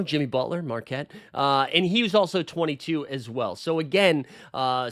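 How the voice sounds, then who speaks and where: A man's voice: a little high, a bit bright. A man hosting a basketball show, talking in a loose, chatty commentary style with frequent fillers and asides. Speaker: basketball podcast host. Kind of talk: casual sports commentary.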